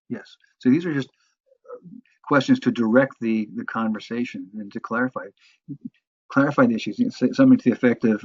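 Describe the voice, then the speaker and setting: Man giving a halting sales lecture. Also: medium pitch, steady tone, slightly rough, dry recording. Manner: halting, many restarts and fillers. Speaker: sales trainer. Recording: muffled, dry lo-fi recording.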